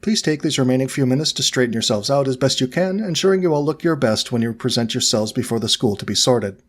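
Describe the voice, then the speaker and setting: A man's voice: medium pitch, animated, fast talker, natural voice. A man voicing a stern, imperious older woman teacher giving formal instructions in a storybook reading. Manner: crisp, formal, stiff.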